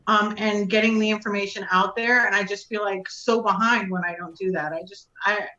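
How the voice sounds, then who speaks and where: A woman's voice: medium pitch, fairly even intonation, fairly quick, bright, forceful tone, echoey room, dull audio. Chatty woman laughing through a live chat. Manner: chatty, laughs often, many fillers. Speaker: guest reviewer. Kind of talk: casual chat on a live stream.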